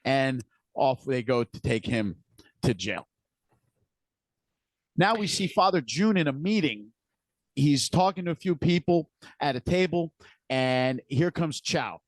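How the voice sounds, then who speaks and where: A man's voice: medium pitch, animated, unhurried, long pauses, no echo. A man co-hosting a podcast, retelling scenes from a TV episode in a casual, detailed way. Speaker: podcast co-host. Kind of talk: casual recap chat.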